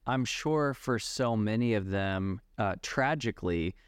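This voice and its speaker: A man's voice: fairly low pitch, unhurried, smooth, dry recording, clean studio sound. A man hosting a podcast interview, speaking in an affirming, reflective way. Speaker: podcast host.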